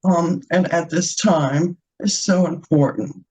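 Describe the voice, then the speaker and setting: A woman's voice: on the low side, takes it slowly, mellow, rough recording. A woman in an online group share, crying and heartfelt, laughing through her tears. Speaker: participant. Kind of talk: emotional personal share.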